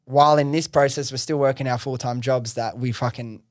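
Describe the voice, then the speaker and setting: A man hosting a podcast, telling his startup story in casual chat, excitable, swearing freely and saying "like" a lot. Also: medium pitch, a little fast, no echo, studio quality. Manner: excitable, swears freely, heavy use of "like" and "bro".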